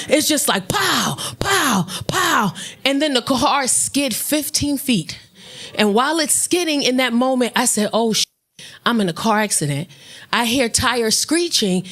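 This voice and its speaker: Woman stand-up, high voice, brash and foul-mouthed, goes loud and shrill on the big lines. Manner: brash, profane storytelling, shifting into loud high shouts at punchlines. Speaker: stand-up comedian. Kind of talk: stand-up comedy storytelling. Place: comedy stage with audience.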